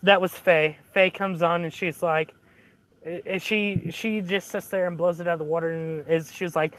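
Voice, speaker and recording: A man's voice: high-pitched, fairly even intonation, normal speed, a bit bright, dry recording. A man telling a movie plot in casual chat, rambling through fillers and restarts.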